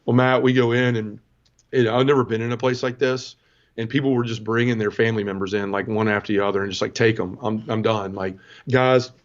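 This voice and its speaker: A middle-aged man from the American South recounts his story as an interview guest, earnest and emotional, often restarting his sentences. His voice sits at an average pitch. The audio is a bit muffled and lo-fi. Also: flat delivery, fast talker. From Southern United States. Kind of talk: personal testimony storytelling.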